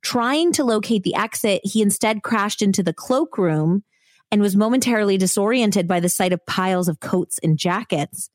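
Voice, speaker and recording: On a clean, dry studio track, a podcast host speaks in a mid-range voice at an ordinary pace. Her retelling of a true crime case is loose and conversational, heavy on fillers like "like" and "you know."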